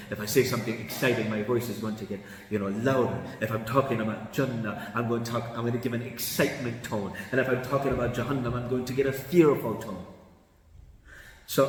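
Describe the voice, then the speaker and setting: Fast-talking man teaching in echoey hall. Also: mid-range voice. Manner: animated, shifts tone with meaning, chants Arabic quickly. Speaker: mufti teaching Quran commentary. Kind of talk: religious lesson. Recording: echoey hall from a distant mic.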